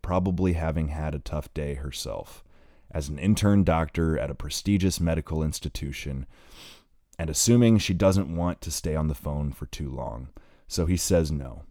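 A man narrating an audiobook in a plain, measured reading style. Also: extremely low pitch, dark tone, dry recording, studio quality.

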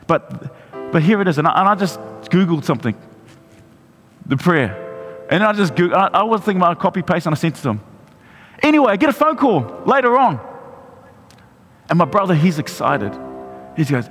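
A man's voice: high-pitched, big pitch swings, normal speed, long pauses, a bit bright. A man, a pastor preaching a sermon and telling a personal story, often restarting and repeating his words. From New Zealand. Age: 40s. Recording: long hall reverb with music behind.

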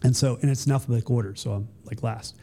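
A man's voice: racing, a little hiss or hum. A middle-aged man from the United States, a retired Special Forces soldier, telling stories casually as a podcast guest and acting out the voices of the people in them. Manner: animated, acts out quoted voices with high pitch jumps. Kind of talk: casual storytelling.

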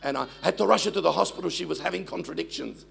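A man's voice: fairly high pitch, fast, creaky, very noisy. A man voicing a young Italian immigrant builder with an Italian accent who mixes up his words. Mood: earnest complaining.

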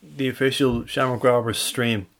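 Sex: man. Role: podcast co-host. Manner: dry, wry, mid-pitched, conversational. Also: fairly even intonation, moderate pace. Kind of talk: casual football fan chat.

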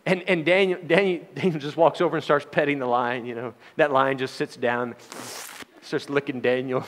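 A man's voice: a little high, moderate pace, a bit bright. A man preaching a sermon in a folksy, joking manner, with frequent laughs.

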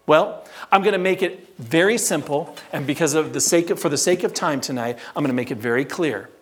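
A man preaching a sermon as pastor, stressing words by slowing down and asking the congregation rhetorical questions. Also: a little high.

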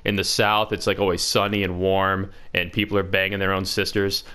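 Low-voiced joking podcast co-host man. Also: little pitch movement, sharp tone, slight background noise. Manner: joking, jumps between fast riffs and slow drawls. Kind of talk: casual banter podcast.

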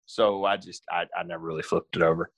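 Dry, low-voiced man talking sports. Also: level tone, fast, vocal fry. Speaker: podcast co-host. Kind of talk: casual sports podcast chat.

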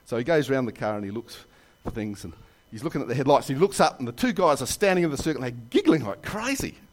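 Guy preaching in church, lively up and down voice, jokey storytelling asides. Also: medium pitch, fast. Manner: animated storytelling with jokes and asides. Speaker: pastor. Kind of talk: sermon.

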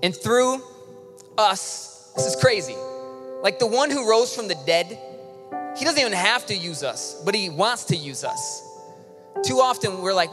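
Earnest preacher in a reverberant auditorium. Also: male voice, high-pitched, animated, moderate pace. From Michigan. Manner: earnest, drops to a soft, intimate hush. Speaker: worship leader and preacher. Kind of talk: sermon. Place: large auditorium. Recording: live hall with long reverb, faint music.

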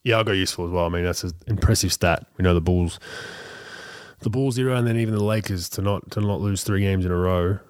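A man co-hosting a basketball podcast, telling stories in a fast, animated way with laughs. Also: deep voice, clear, resonant tone, dry recording, studio quality. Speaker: podcast co-host and youth basketball coach. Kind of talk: casual chat.

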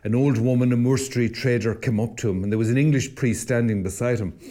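Speaking fairly quickly with a steady, mellow, medium-pitched voice, this Irish priest co-hosts a podcast. His storytelling is reflective and conversational, full of restarts, in a casual podcast setting.

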